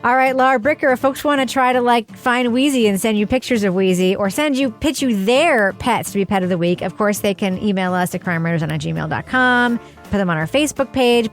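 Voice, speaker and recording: A woman hosting a podcast, chatting casually and enthusiastically with quick asides. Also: a little high, faint music behind. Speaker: podcast host. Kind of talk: casual podcast chat and outro. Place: home studio.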